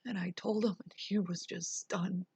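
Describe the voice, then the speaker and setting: A woman vlogger telling a personal story in a hushed voice that often drops to a whisper. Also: lowish voice, steady tone, moderate pace, slightly rough, dry recording, lo-fi sound.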